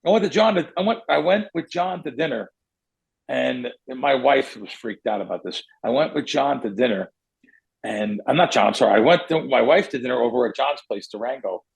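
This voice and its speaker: A man's voice: medium pitch, a little fast, vocal fry, husky, low-quality recording. A middle-aged man hosting a podcast, telling a long story in a rambling way, often correcting himself as he goes. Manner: rambling, self-correcting, animated. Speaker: podcast host. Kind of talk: casual storytelling.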